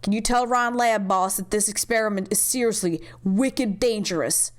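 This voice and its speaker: Sex: woman. Figure: weary, rough middle-aged pioneer leader played by a woman. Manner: gruff, resigned drawl. Style: game cutscene voice acting. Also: medium pitch, moderate pace, lightly acted.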